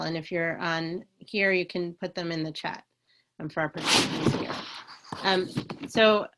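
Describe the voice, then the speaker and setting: A woman moderating a panel over a video call, her voice bright and forward while sitting a little low in pitch. She talks haltingly, with frequent restarts while she searches for words. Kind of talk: online panel discussion.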